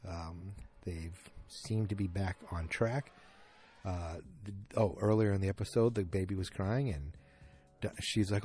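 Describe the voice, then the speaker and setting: A man hosting a solo podcast, retelling a TV episode in a rambling, animated way and acting out the characters' lines. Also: low-pitched, moderate pace, pauses often, faint music behind. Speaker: podcast host. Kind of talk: casual solo recap.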